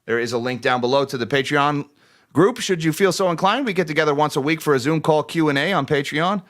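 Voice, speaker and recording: A man's voice: fairly high pitch, quick pace, a bit bright. Chatty male finance livestream host. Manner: chatty, joking, laughs often; thanks viewers by name. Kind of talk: casual livestream market commentary.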